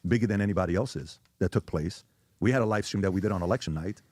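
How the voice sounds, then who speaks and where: A man's voice: deep voice, fast, a little mellow, dry recording. Emphatic man in a dry-sounding interview clip. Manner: emphatic, rhetorical questioning. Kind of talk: interview conversation.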